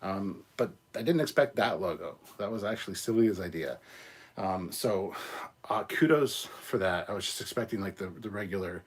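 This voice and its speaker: Husky-voiced man chatting casually. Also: sits low, normal speed. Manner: rambling, jokey, many fillers. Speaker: channel host. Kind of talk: casual livestream chat.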